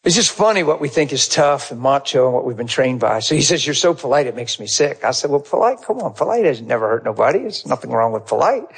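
Husky man telling a sermon story. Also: mid-range voice, fast, few pauses. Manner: animated storyteller acting out both sides of a conversation, laughing often. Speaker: pastor.

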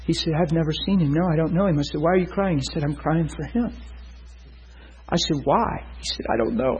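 A man's voice: fairly high pitch, brisk, a little mellow, breathy edge, lo-fi sound. A man preaching a storytelling sermon, acting out the dialogue with laughter.

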